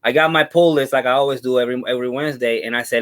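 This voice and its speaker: A man co-hosting a casual comics podcast, telling stories in a relaxed, enthusiastic way. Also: mid-range voice, quick pace, few pauses. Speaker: podcast co-host.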